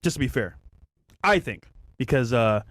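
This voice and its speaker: A man in casual chat, speaking in a measured, conciliatory way. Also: mid-range voice, expressive, a bit bright, dry recording, studio quality.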